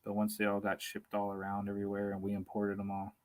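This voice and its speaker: A man's voice: lowish voice, monotone, fast talker, rough recording. A man hosting a live stream outdoors, chatting in a rambling, casual way, hungry and tired, chuckling as he reads comments aloud. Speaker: beekeeping livestream host.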